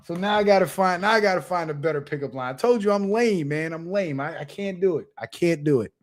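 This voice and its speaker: A young adult man hosting his channel, telling a funny story in a casual monologue, animated and profane, with laughs. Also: high voice, fast. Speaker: channel host.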